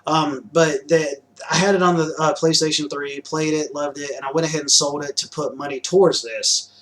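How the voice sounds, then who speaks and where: A young man with a voice a little higher than most talks through his new game purchases. He rambles in a loose, chatty way, full of fillers, restarts and casual swearing. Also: steady tone, moderate pace, a bit bright, poor audio. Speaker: gaming vlogger showing new purchases. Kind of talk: rambling casual vlog chat.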